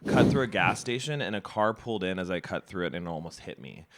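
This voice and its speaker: A man's voice: deep voice, lively intonation, fast, no echo. A young man co-hosting a podcast, telling a rambling story in casual chat and filling his talk with "like". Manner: rambling storyteller, heavy use of "like". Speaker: podcast co-host.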